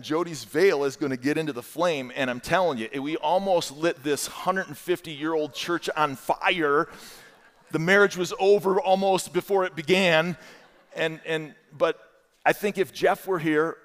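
Animated man preaching in a church hall. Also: on the high side. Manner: animated, asks the congregation questions. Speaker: guest preacher. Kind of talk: sermon.

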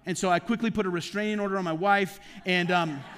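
Male pastor with a high voice, preaching conversationally in rapid rhetorical questions, long church-hall echo. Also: fairly even intonation, a bit bright, clean tone. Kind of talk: conversational sermon. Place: church sanctuary.

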